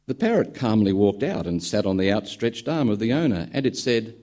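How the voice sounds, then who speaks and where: A man's voice: fairly low pitch, very animated, brisk, few pauses, a little mellow. A man preaching a sermon in a conversational storytelling manner, with dry humour. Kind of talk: sermon with a told joke.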